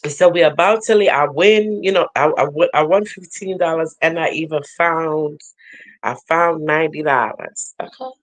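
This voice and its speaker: A woman's voice: low-pitched, moderate pace, rough recording. A woman giving a spiritual reading and vlogging in a casual, earnest storytelling manner, breaking into laughter often. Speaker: spiritual reader. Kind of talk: casual spiritual vlog talk.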